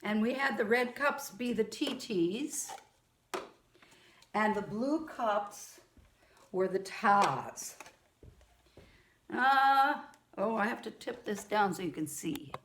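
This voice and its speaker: Slow, gentle woman teaching kids music. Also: medium pitch, lively intonation, roomy sound, a little hiss or hum. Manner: gentle, patient, speaks to young children; sings and chants rhythm syllables. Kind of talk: children's music lesson.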